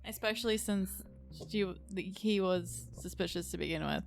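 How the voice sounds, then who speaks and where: A woman playing in a tabletop role-playing game, talking casually and quickly planning what her character does. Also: medium pitch, vocal fry, soft background music. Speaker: player. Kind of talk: tabletop role-play chat.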